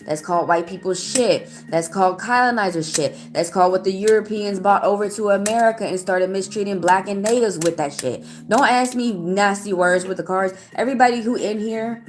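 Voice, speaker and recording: A woman's voice: medium pitch, fairly quick, few pauses. A woman giving a live-stream tarot reading and answering viewers, talking bluntly and heatedly and swearing often. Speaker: tarot reader.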